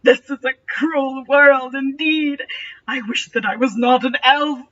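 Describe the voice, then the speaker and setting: Woman reads as a tragic male elf prince, sobbing and theatrical, in a bright, slightly distant lo-fi take. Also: high voice, moderate pace. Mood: despairing. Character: lovestruck male elf prince, melodramatic and weepy.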